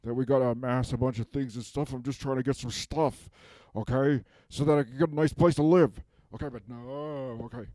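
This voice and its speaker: A man's voice: medium pitch, steady tone, brisk, darkish tone, no echo, close to an everyday voice. A man playing a petty, aggrieved villain who has just been unmasked, rambling and whiny and tagging "okay?" onto everything in a comedic self-tape monologue.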